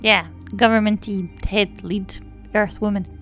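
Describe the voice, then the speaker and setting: A woman's voice: medium pitch, fairly even intonation, measured pace, a bit bright, soft background music. Playful woman, casual chat. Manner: playful, teasing, laughs often. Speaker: podcast co-host. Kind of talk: casual chat reviewing a TV series.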